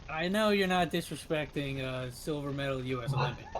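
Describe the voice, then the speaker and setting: A man's voice: mid-range voice, brisk. A man co-hosting a sports podcast, chiming in with dry, teasing remarks. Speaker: podcast co-host. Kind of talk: casual sports podcast banter. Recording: echoey room with crowd noise.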